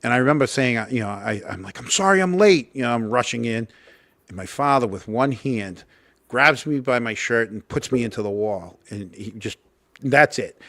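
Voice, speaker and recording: A man's voice: mid-range voice, moderate pace, bright, forceful tone, no room sound. A man hosting a podcast in casual chat, telling rambling stories and laughing often. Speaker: podcast host.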